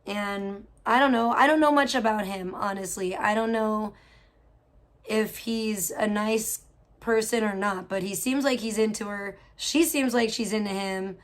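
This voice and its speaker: In an unhurried, medium-pitched voice, a woman hosts a livestream and chats casually with viewers, reacting to their messages. She's a parent of a young child and outspoken, swearing freely and reacting with loud disgust. Her talk is chatty, full of fillers and questions tossed to chat.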